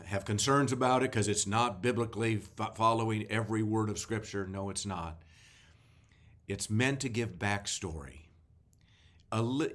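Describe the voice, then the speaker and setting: A man, a pastor giving a devotional talk and reading scripture slowly and deliberately, stressing key words. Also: on the low side, a bit bright. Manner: slow, deliberate reading with emphasis.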